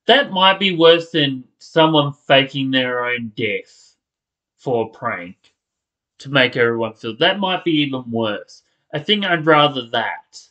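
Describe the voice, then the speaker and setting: In this angry reaction rant, a man swears at a video, blurting and cutting himself off to restart words in his fury. His voice is medium-pitched and a bit bright. The recording has its highs cut off.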